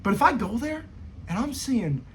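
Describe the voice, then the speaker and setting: A man's voice: big pitch swings, normal speed, a little hiss or hum. A young man ranting casually to camera as a football vlogger, rambling, slangy and profane. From United States. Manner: rambling, slangy, profane, jumpy pitch swings.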